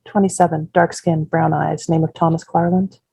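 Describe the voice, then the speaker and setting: Woman voicing a teen farm girl, curt and distracted, husky, gravelly. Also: sits low, little pitch movement, normal speed, warm tone, no room sound, exaggerated voice, poor audio. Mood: tense. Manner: clipped, distracted. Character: frustrated teenage farm girl.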